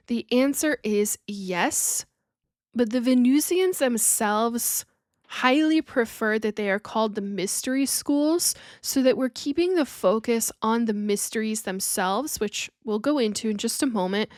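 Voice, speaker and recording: A woman hosts a spiritual podcast, speaking earnestly with a somewhat high voice. She slips in playful, laughing asides between her points. The sound is dry and close, with no room echo. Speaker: podcast host. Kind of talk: spiritual teaching monologue.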